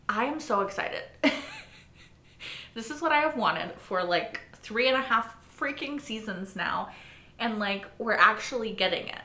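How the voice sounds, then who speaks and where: A woman's voice: medium pitch, lively intonation, moderate pace, pushed and bright, reverberant. A woman hosting a reaction video, gushing and emotional, swearing casually as she talks. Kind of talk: excited casual reaction chat.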